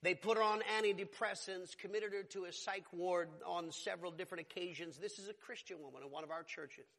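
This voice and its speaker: Guy preaching, high bright voice, gets loud and punchy, big echoey church hall. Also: fairly even intonation, a little fast, creaky. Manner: emphatic preaching, rising to loud exclamations. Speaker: pastor. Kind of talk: sermon. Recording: long hall reverb.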